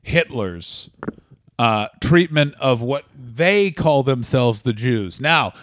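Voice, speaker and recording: A man's voice: medium pitch, lively intonation, takes it slowly, fairly bright tone, no room sound, clean studio sound, pitched below the performer's own voice. A man doing a smug, grandstanding lawyer. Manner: smug, grandstanding courtroom address. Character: smug, slippery male corporate lawyer. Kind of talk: comedic impression.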